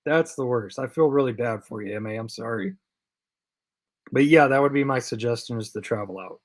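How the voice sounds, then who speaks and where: Here the voice is mid-range and fairly quick. Hosting a live diecast chat stream, he loosely reads out viewer comments, repeating himself and using lots of fillers; he sounds sleep-deprived and tired, and slips into a mock Canadian accent for laughs.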